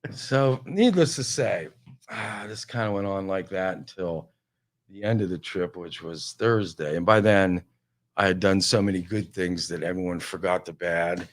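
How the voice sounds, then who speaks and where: A man telling a casual, animated comic story on a talk show, full of exasperation. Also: low-pitched, moderate pace.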